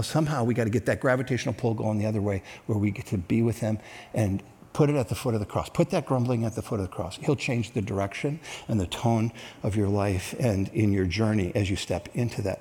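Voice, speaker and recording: A man's voice: lowish voice, a little fast. A man preaching a sermon as pastor to several church campuses and viewers online, acting out voices as he goes. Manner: animated, acts out grumbling voices.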